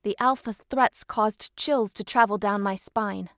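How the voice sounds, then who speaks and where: A woman reading a first-person audiobook in steady storytelling narration. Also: mid-range voice, measured pace, no echo, studio quality.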